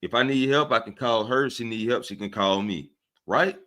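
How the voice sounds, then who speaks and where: A man with a Southern US accent hosting a casual livestream, speaking to his viewers in an animated, preachy way and often checking in with them. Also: mid-range voice, normal speed. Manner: animated and preachy, often asks "right?" of listeners. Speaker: livestream host. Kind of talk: casual livestream talk to chat.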